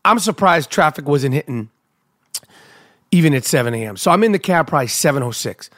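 Middle-aged guy with a high voice, cursing nonstop, telling a panicky running-late story and yelling out his own lines. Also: lively intonation, a little fast. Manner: profane, frantic, acts out his own panicked shouts. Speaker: radio show regular telling a story. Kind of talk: animated storytelling rant. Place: New York.

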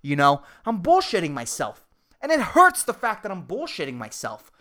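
This Puerto Rican podcast host is a young man whose high voice swoops wildly in pitch at a normal speed, with a bright, forceful tone. He rants angrily on his solo show, full of profanity.

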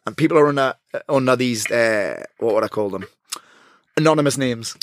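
A man's voice: mid-range voice, normal speed, no echo, studio quality. Agreeable man hosting a chat. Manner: agreeable, frequent backchannel yeahs. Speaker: podcast host. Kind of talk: casual chat.

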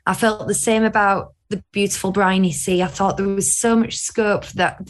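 A woman co-hosting a podcast, giving an opinionated, animated review in casual chat. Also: medium pitch, moderate pace. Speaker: podcast co-host.

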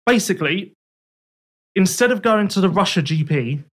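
A young man co-hosts a casual podcast, reading listener questions aloud. He answers with dry, teasing asides in a voice that sits a little higher than most men's. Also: animated, moderate pace. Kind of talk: casual chat.

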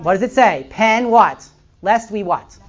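A middle-aged woman teaching a class in a very animated voice that rises and falls widely. She keeps asking her students questions and checking in as she goes. The recording is slightly muffled and lo-fi. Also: mid-range voice, measured pace. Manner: animated, asks the class many questions, frequent "right?" and "okay?". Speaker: lecturer. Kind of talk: classroom lecture.

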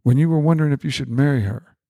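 A man's voice: fast talker, dark tone, no room sound, studio quality. A middle-aged man earnestly recounting a personal experience as an interview guest, repeating words and quoting dialogue in a lifted voice. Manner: repeats words, quotes dialogue with rising pitch. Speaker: guest, family doctor.

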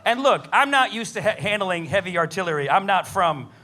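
A man doing a stand-up comedy set, telling a story with lots of swearing and animated delivery. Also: high-pitched, fairly quick. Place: comedy club stage.

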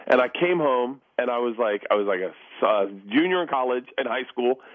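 A man in his forties, a comedian guest in a casual interview, telling animated stories, laughing often and acting out the voices of the people he quotes. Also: medium pitch, a little fast, dry recording, phone-quality sound.

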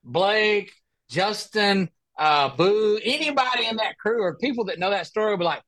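Male podcast guest, slightly high voice, dry close mic, chatty rambling storyteller. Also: normal speed, no echo. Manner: animated, rambling anecdote with many restarts. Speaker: guest, professional golfer. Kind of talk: casual storytelling interview.

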